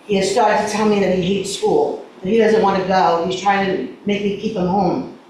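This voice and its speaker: A woman giving public comment as a parent, holding back tears, halting and repeating words as she pleads. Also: medium pitch, steady tone, darkish tone. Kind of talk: public comment at a school board meeting. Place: large echoey meeting room. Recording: echoey room audio with faint noise, from a distance.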